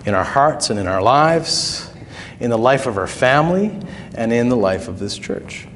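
A man's voice: mid-range voice, lively intonation, moderate pace, fairly bright tone, a little hiss or hum. A man preaching a sermon as pastor, conversational, with asides and small chuckles. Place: church sanctuary. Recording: long reverb of a hall.

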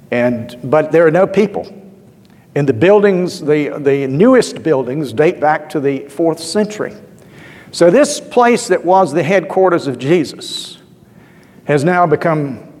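A male pastor giving a sermon in a conversational, storytelling way, with asides and filler words. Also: on the high side. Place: church. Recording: long church reverb.

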